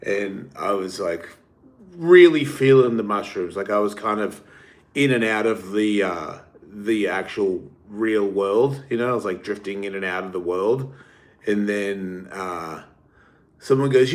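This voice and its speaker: A man's voice: fairly low pitch, measured pace. A man, hosting his podcast and telling a rambling, profane story in a casual monologue. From Australia. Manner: rambling, swearing, laughs often. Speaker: podcast host.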